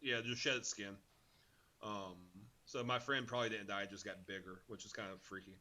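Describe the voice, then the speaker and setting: A man co-hosting a podcast tells a story in a relaxed, rambling way. His voice is bright and clear, and he swears as easily as he breathes. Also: on the low side, moderate pace. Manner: laid-back, profane storytelling. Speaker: podcast co-host. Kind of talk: casual chat.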